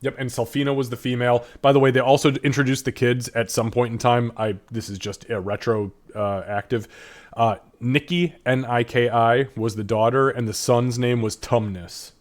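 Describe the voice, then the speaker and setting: A man's voice: mid-range voice, steady tone, moderate pace. A man running a tabletop game as game master, narrating casually with many fillers.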